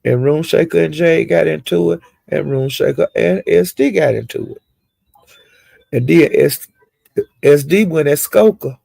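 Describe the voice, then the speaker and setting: A man giving a casual, rambling gossip recap of livestreams, with animated retelling and frequent asides. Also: on the high side, a little slow, creaky, no room sound.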